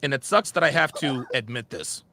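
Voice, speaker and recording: A man's voice: medium pitch, lively intonation, normal speed, vocal fry, bright, forceful tone, no room sound. A man telling a personal story in a dramatic, confessional way. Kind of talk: storytelling monologue.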